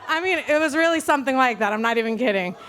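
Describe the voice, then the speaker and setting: A woman from Brooklyn telling a true story on stage at a live story slam, profane, self-mocking and animated. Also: high voice, fast. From Brooklyn, New York.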